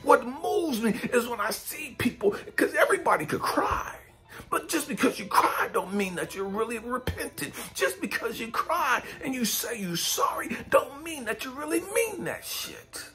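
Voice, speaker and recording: Blunt, profane preaching man with a lively pitch. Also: normal speed, music in the background. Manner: blunt and profane, swinging between low muttering and high shouting. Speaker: spiritual coach and speaker. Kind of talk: profane street-style preaching monologue.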